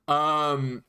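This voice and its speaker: A man narrating a tabletop game as dungeon master, animated and quick to laugh. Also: fairly high pitch, noisy background.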